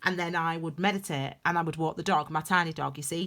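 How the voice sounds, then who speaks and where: A woman's voice: deep voice, fast, a bit bright. A young woman giving a tarot reading in a rambling, heartfelt, confessional way. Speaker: tarot reader. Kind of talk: casual tarot reading monologue.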